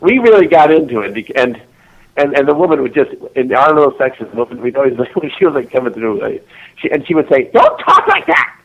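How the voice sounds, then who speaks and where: A man's voice: mid-range voice, expressive, fast, dull audio. A man being interviewed as an author, chatting casually and rambling with lots of restarts and giggles. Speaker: author guest.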